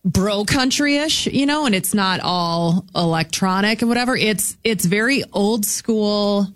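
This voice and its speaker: Animated female radio co-host. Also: mid-range voice, unhurried. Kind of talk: casual morning radio banter.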